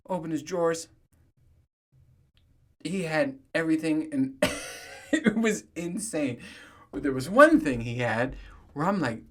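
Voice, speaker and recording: A man in his thirties talks alone on his podcast in a loose, storytelling way. He swears freely and often breaks into laughter. His voice sits at an ordinary middle pitch. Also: animated, normal speed. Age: 30s. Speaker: podcast host. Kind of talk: casual solo monologue.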